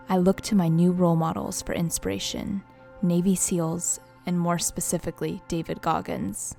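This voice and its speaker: Young woman, earnest voice-over narration, low-pitched, gravelly, faint music underneath. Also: warm tone. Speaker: vlogger narrating her own video. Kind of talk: reflective scripted voice-over.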